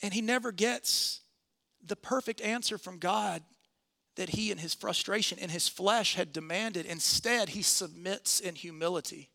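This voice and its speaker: A man preaching a sermon in church, earnest, slowing and softening on key phrases. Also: high voice, vocal fry.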